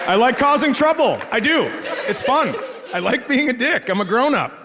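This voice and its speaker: A man's voice: very high-pitched, moderate pace, background noise. A middle-aged man from northern Minnesota telling stand-up stories on stage, acting out the voices in his stories and punching the lines hard. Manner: animated storyteller, acts out voices, shouts punchlines. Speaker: stand-up comedian. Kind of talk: stand-up comedy storytelling. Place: large theater stage with laughing audience. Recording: live hall reverb with crowd laughter.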